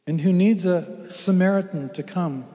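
A man's voice: high-pitched, moderate pace, mellow. A middle-aged man from Houston preaching a folksy, humorous storytelling sermon in a church. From Houston, Texas. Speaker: guest preacher. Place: church sanctuary. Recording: long hall reverb.

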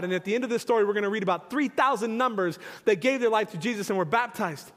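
A man's voice: extremely high pitch, animated, fast, few pauses, fairly bright tone. A male pastor preaching a sermon with fervent emphasis, repeating phrases and restarting lines as he builds his points. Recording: long hall reverb.

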